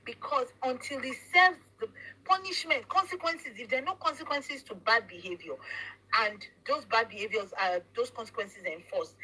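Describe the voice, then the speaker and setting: Talk host, woman; firm, lecturing delivery with a bright, husky edge. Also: fairly high pitch, rough recording. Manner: emphatic, preachy, mixes in Yoruba phrases. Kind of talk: casual commentary chat.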